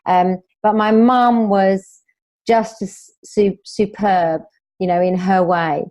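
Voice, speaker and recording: A woman's voice: medium pitch, fairly even intonation, slow, darkish tone, lo-fi sound. A woman guest, an author and speaker, talking fluently and telling stories in a casual interview.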